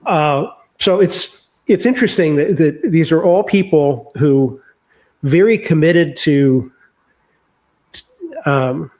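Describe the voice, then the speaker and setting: Candid older man, fairly high voice. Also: slow pace, darkish tone. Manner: candid, reflective storytelling. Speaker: author guest. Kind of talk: candid interview conversation.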